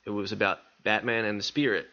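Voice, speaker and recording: A man on a casual podcast tells an animated anecdote with a bright, forward voice. He laughs often and swears freely. The recording sounds somewhat dull and lo-fi. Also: lowish voice, fast talker. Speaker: podcast co-host.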